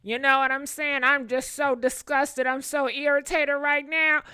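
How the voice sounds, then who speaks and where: A woman's voice: high voice, unhurried, dry recording, clean studio sound. A woman hosting a live gossip show, exclaiming and talking straight to her viewers. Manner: animated, exclamatory, talks to chat directly.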